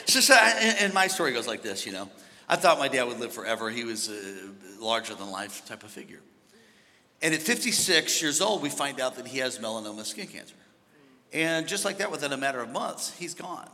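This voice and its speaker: A man preaching a sermon as pastor, moving between hushed storytelling and shouted exhortation. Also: medium pitch, big pitch swings, brisk, long reverb tail. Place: large church.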